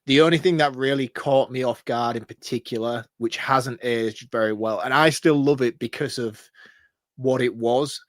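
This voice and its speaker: Animated, laughing male podcast co-host. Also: medium pitch, normal speed, dry recording, studio quality. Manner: laughs often, loose and animated. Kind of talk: casual chat.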